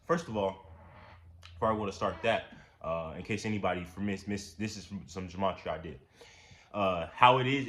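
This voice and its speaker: A man giving a casual, profane, ranting commentary, repeating himself and getting louder when worked up. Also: fairly low pitch. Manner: animated, repetitive, profane, rising to near-shouts when worked up. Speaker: commentary channel host.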